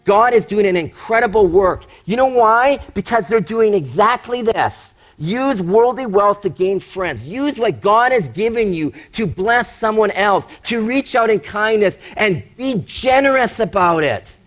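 A man's voice: high-pitched, lively intonation, unhurried, few pauses, fairly bright tone. A male pastor preaching a sermon with emphatic rhetorical questions, acting out doubting voices.

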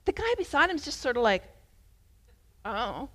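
This woman preacher speaks rapid-fire in a high-pitched voice as she tells a sermon as a story. She sounds animated and conversational, her volume swinging between loud and hushed.

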